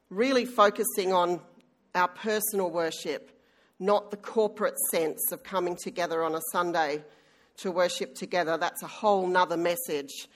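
Chatty woman preaching a sermon. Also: on the low side. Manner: chatty, self-deprecating, with frequent ums. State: recovering from illness, may cough. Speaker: church elder and worship leader.

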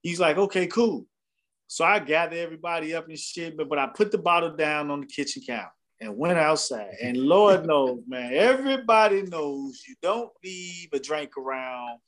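A podcast co-host in his fifties, with an expressive, somewhat high and bright voice, tells a laughing story about his birthday party at normal speed with hardly any pauses. He speaks in casual Southern Black vernacular slang.

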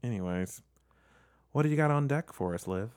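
A man's voice: mid-range voice, lively intonation, moderate pace, darkish tone. A young man co-hosting a casual podcast chat, hesitant and self-deprecating, often trailing off. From Southern United States. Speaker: podcast co-host.

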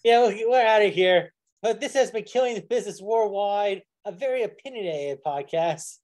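A man's voice: sits high, moderate pace, darkish tone. A man hosting a casual podcast. He tells stories in a rambling way and often restarts his sentences. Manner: rambling storyteller, trips over his words. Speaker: podcast host.

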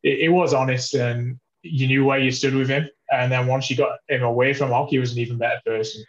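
A man's voice: medium pitch, steady tone, fairly quick, highs cut off, a crowd in the background. A man from the UK, a hockey player guest chatting casually, often repeating words and restarting his sentences. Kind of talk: casual chat.

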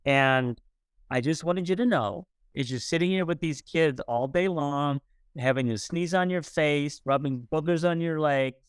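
A middle-aged man talks as a podcast guest, earnest and warm, playing out every quoted line as he tells his story. His voice is smooth and resonant. The sound is dry, close to the mic. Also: on the high side, a little slow, no echo. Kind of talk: conversational storytelling.

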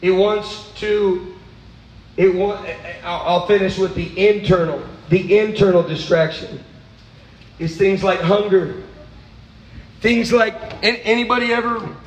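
A man preaching a sermon, animated, swinging from low asides to high, exclaiming bursts. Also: measured pace, long pauses, reverberant, a little hiss or hum, rough recording.

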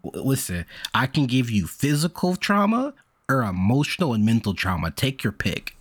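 A man's voice: medium pitch, moderate pace, breathy edge. A man in casual conversation, telling stories and acting out other people's voices. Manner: animated, acts out quoted voices. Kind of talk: casual storytelling chat.

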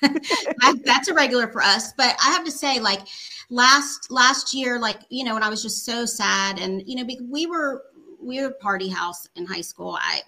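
A woman's voice: fairly high pitch, lively intonation, normal speed, sharp tone, rough recording. A middle-aged woman, a podcast guest, telling heartfelt stories in casual chat, full of fillers. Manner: heartfelt, storytelling, many fillers.

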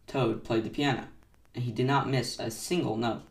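A man gently reading a children's bedtime story aloud, recorded in an echoey room from a distance. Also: mid-range voice, steady tone, normal speed, gravelly. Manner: gentle, soft-spoken narration. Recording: echoey room, mic set far off.

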